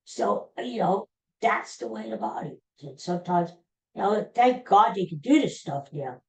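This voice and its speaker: A man's voice: high voice, animated, normal speed, vocal fry, darkish tone. An older man hosting a casual solo podcast, rambling and joking in a folksy way. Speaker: podcast host. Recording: roomy echoey room.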